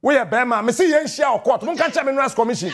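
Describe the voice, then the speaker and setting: A Ghanaian man in midlife rants on air as a morning radio host, his voice pitched very high. He mocks and repeats himself for emphasis, often breaking into shouts. His voice leaps up and down constantly through the tirade in a studio. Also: lively intonation, quick pace, soft background music. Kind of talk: fiery on-air rant.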